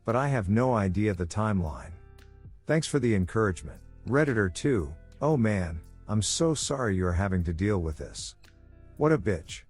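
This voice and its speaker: Male story narrator, low-pitched, steady read, soft music bed. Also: moderate pace, husky. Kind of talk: reading an online story aloud.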